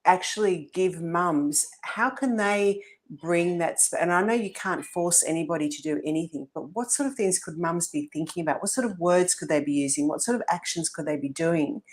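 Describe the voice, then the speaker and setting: A woman host with a fairly low voice asks long, earnest questions, circling and restarting as she builds her point. Her talk is casual and searching. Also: moderate pace. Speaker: podcast host. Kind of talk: conversational podcast interview.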